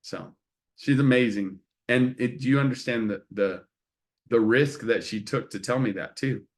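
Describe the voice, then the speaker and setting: A man's voice: mid-range voice, normal speed. A middle-aged man co-hosting a casual talk show, speaking earnestly and confessionally, often acting out remembered conversations. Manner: earnest, confessional, acts out quoted exchanges. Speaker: co-host. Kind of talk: casual chat.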